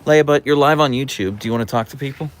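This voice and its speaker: A man's voice: mid-range voice, fast talker, a little hiss or hum. A man hosting a casual livestream from an outdoor deck, chatting and answering viewer comments into a camera on a tripod. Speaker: livestream host.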